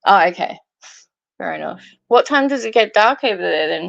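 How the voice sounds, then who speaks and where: A woman's voice: mid-range voice, expressive, moderate pace, dry recording, lo-fi sound. A woman with a cold chatting with a friend on a video call, easygoing and laughing often. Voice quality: rough, gravelly voice. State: sick with a cold. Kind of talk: casual chat.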